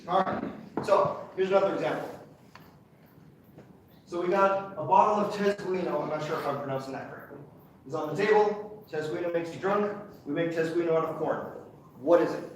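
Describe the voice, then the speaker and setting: A university lecturer explains ideas in a chatty, enthusiastic way, often checking in with his class. His voice sits a little high for a man. He is heard from a distance in a very echoey hall with a faint hum behind him. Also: a little fast.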